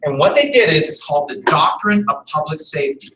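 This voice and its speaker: Emphatic high-voiced man lecturing a class. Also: lively intonation, fairly quick, bright, forceful tone, slight background noise. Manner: emphatic, repeats key points. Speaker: teacher. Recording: echoey room, mic far off.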